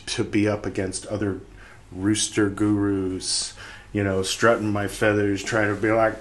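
A man's voice: fairly low pitch, level tone, measured pace. A man hosting a podcast, reading passages and rambling through casual commentary with restarts and dips into a near-whisper. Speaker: podcast host.

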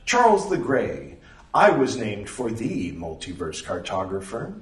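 Guy doing a calm old-fashioned alien man, thee and thou, slow, far roomy mic. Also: fairly low pitch. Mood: calm, wise. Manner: archaic thee-and-thou speech, measured. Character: ancient half-alien male cartographer, calm.

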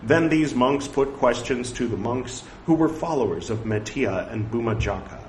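A man reading scripture aloud, saying the quotes and punctuation out loud and breaking off for chatty side remarks. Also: mid-range voice, moderate pace. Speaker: scripture reader. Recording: echoey room with faint background noise.

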